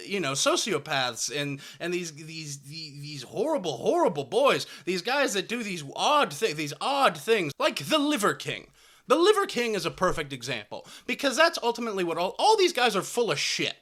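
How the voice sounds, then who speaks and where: A young man from rural Southwest Missouri delivering a rambling comedic monologue, mocking voices and breaking into loud shouted bursts. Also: fairly high pitch.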